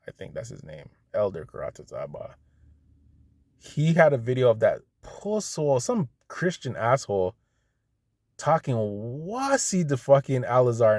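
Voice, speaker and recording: A man's voice: mid-range voice, darkish tone, no echo, clean studio sound. A man ranting casually to the camera, blunt and heated, with plenty of profanity. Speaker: vlogger. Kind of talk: casual rant.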